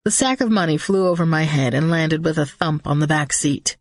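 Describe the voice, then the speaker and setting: A woman reading a first-person audiobook in a steady storytelling manner. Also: brisk, hardly any pauses, no echo, clean studio sound. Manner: steady storytelling, voices characters with small pitch shifts. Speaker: audiobook narrator.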